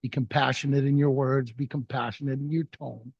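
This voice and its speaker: An older man giving an animated inspirational talk, mixing jokes and stories. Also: medium pitch, brisk, creaky, breathy edge, dry recording, muffled recording. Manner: animated storyteller, jokes and acted quotes. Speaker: speaker.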